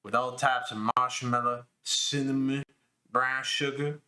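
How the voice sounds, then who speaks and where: A man's voice: medium pitch, flat delivery, unhurried, pushed and bright. A man co-hosting a podcast, doing a comedic reading of a crude novel and laughing as he goes. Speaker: podcast co-host.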